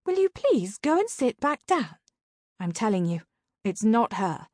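A sarcastic, teasing ghost sidekick voiced by a woman with a lifted, bright pitch. She fires off quips, and the sound is dry and close-miked. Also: a little slow, dry recording. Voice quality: higher, lively voice.

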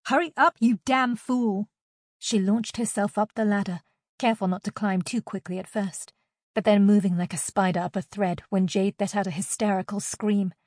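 A woman narrates a fantasy audiobook in a steady, expressive reading. Her voice sits at a middle pitch, and the recording is close and dry with no room sound. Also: normal speed, no echo.

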